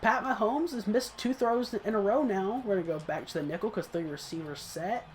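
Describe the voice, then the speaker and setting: A man's voice: high voice, fairly quick, slight background noise. A man casually commenting on his own football video game match, chatty and self-critical, breaking into short laughs. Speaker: gaming channel host.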